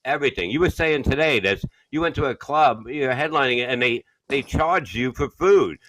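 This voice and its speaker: A man's voice: mid-range voice, normal speed, no echo, low-quality recording. A man with a New York accent, hosting a casual podcast chat, blunt and full of swearing as he tells stories. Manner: blunt, swearing, animated storytelling. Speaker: podcast host.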